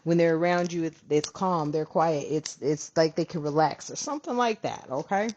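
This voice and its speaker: A woman's voice: low-pitched, moderate pace, noisy background. A woman giving a casual tarot reading to her viewers, chatty and rambling, often breaking into laughter. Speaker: tarot reader. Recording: dull lo-fi sound.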